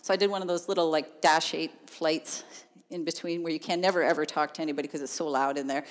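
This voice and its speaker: Woman, storyteller, animated and chatty, lots of laughs, long hall echo. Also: low voice, quick pace. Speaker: speaker telling a personal story. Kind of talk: storytelling testimony. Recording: long reverb of a large hall.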